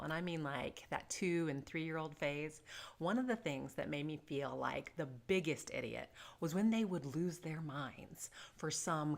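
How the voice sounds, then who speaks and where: A middle-aged woman giving casual parenting advice to camera, joking and self-deprecating as she tells stories. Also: sits low. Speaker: parenting vlogger.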